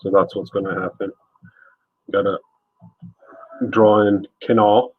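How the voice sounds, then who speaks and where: A man's voice: lowish voice, little pitch movement, a little slow, husky, narrow, tinny audio. A man live-streaming his art, chatting casually and joking with his chat as he works. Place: home art studio.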